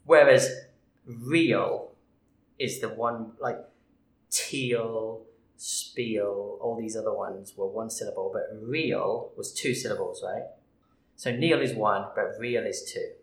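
A man's voice: fairly low pitch, takes it slowly, reverberant, low-quality recording. A man co-hosting a casual podcast chat, explaining emphatically. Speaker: podcast co-host.

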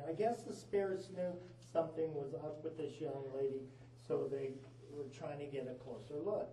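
A man's voice: fairly high pitch, moderate pace, hardly any pauses, warm tone. Tour guide guy spinning spooky stories, far off in an echoey mine, lots of hiss. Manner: folksy, dramatic storyteller. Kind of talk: storytelling to a tour group. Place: inside an old mine tunnel. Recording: echoey tunnel, far from mic, noisy.

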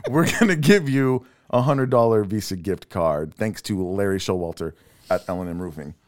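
A man's voice: on the low side, expressive, normal speed. Joking man hosting a podcast. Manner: joking, laughs often, reads out sponsors and call-in numbers. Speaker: podcast host. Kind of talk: casual podcast banter.

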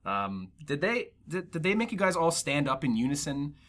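A young man in his twenties hosts a podcast and tells long, rambling stories full of filler words. His voice sits a little high for a man, and he keeps things lively by slipping into comic voices. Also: normal speed. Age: 20s. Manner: animated, slips into comic voices. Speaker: podcast host. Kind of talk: casual podcast chat.

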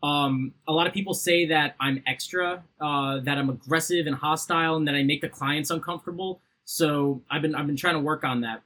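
Man, bright voice, slightly high, loud crude joking, casual podcast chat. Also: fairly even intonation, fairly quick, few pauses. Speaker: podcast co-host.

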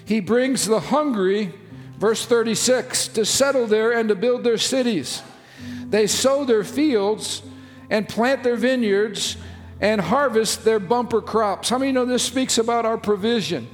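A man's voice: high-pitched, unhurried, faint music behind. A man preaching a sermon as pastor, reading scripture and stretching key phrases for emphasis. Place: church sanctuary. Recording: long reverb of a church hall.

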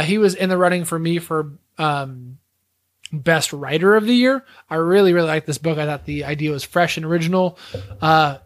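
Teasing male podcast co-host, slightly high voice. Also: no room sound, studio quality. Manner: teasing, mock-outraged, joking profanity. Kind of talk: casual chat.

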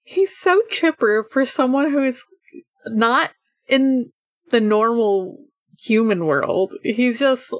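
A woman co-hosting a casual podcast chat, giggly and animated, with lots of fillers. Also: on the high side, slow, dry recording, clean studio sound. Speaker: podcast co-host. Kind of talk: casual chat recapping an episode.

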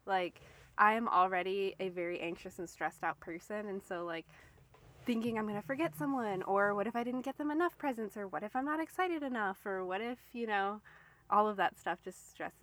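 A woman's voice: medium pitch, a bit bright, dry recording. A woman co-hosting a podcast in casual chat, chatty and self-deprecating, laughing often, sounding slightly stuffy while recovering from illness. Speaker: podcast co-host.

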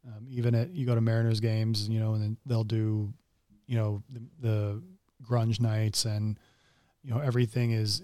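A man's voice: fairly low pitch, dark tone, no echo. A man co-hosting a podcast, talking in a casual, joking way with stubborn rants. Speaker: podcast co-host. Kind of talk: casual chat.

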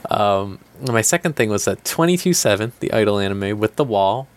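A man's voice: on the low side, expressive, moderate pace. A man talking casually about anime on a podcast, rambling with lots of fillers and acting out quotes. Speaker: podcast co-host.

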